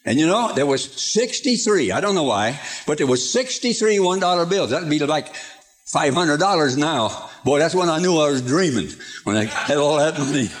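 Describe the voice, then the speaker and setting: A man's voice: fairly high pitch, lively intonation, moderate pace. An older man preaching a sermon in a folksy storytelling way, chuckling through his anecdotes, from an archive recording.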